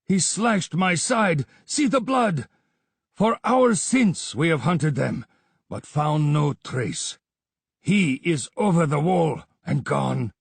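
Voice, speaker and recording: A man's voice: on the high side, animated, slow pace, gravelly, breathy edge, dry recording, voice pushed up, exaggerated voice. A man reading aloud and voicing a wounded tribesman who babbles his report in a fearful, panting rush. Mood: frantic.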